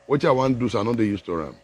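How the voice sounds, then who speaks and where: A man speaking Nigerian Pidgin mixed with English in a loose, animated live chat about politics, laughing often and preaching a little. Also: mid-range voice, husky. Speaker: political commentator.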